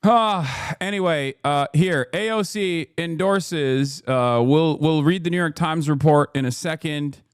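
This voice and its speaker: Streamer host, male, high voice, dry close mic, profane sarcastic rants. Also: a little slow, hardly any pauses, clean tone, no echo. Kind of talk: casual reaction commentary.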